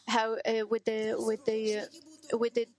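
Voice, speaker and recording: A middle-aged woman giving a personal testimony as a mother, speaking halting, non-native English with many hesitations and restarts. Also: a little high, completely flat delivery, darkish tone, low-quality recording.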